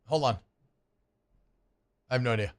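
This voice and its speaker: A man's voice: medium pitch, normal speed. A man co-hosting a sports radio show, talking in brash, joking banter and trash talk.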